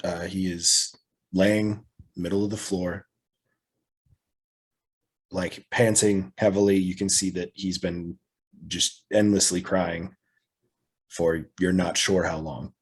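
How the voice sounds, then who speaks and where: A man's voice: low-pitched, flat delivery, takes it slowly, long pauses, breathy edge. A man narrating a tabletop game as game master, with hesitant, filler-filled description.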